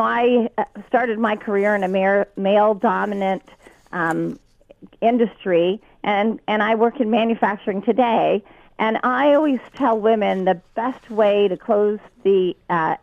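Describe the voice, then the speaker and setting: Woman, business owner, interview guest, indignant, gravelly voice, dull lo-fi line. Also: medium pitch, no echo. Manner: indignant, emphatic, with restarts.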